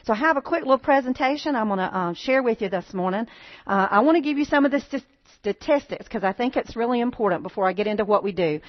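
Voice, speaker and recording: A woman's voice: a little high, expressive, quick pace, no echo, highs cut off. Earnest woman addressing a church. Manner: earnest, folksy, rallying the congregation. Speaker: pregnancy center speaker at a church. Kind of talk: church talk with slides. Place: church sanctuary.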